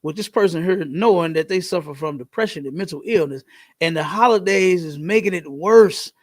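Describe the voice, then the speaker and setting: A man hosting a podcast in casual, slangy talk, telling stories in an animated way. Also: high-pitched, moderate pace. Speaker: podcast host.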